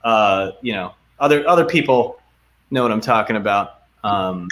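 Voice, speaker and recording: Bright-voiced young man on a video call. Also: fairly low pitch, expressive, normal speed. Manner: reads donor names with many ums and uhs, warm and grateful. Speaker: guest actor. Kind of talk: casual video-call chat.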